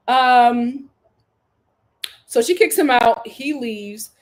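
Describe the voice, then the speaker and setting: Sassy, animated woman reality TV host. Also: a little high, very slow, long pauses. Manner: dramatic, acts out quotes in voices; blunt, sassy humor. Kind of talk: animated solo commentary.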